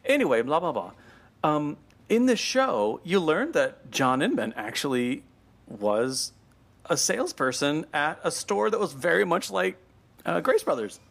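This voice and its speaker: Animated, lively-pitched male podcast host. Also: measured pace, gravelly. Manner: animated and chatty, with frequent fillers and restarts. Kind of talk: casual chat. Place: at home with a dog nearby.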